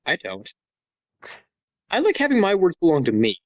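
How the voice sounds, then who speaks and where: A man from Wisconsin co-hosting a podcast in casual comedic chat, rambling and breaking into excited shouts. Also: a little high, normal speed, no echo, highs cut off. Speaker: podcast co-host.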